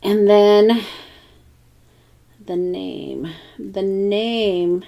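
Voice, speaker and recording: A woman talks herself through a crafting project at an unhurried pace, pausing often with ums and murmured asides. Her voice sits at a medium pitch, and her tone is casual and thinking-aloud rather than presented. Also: fairly even intonation, creaky, lo-fi sound. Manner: musing, hesitant, many ums and self-talk. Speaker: craft channel host.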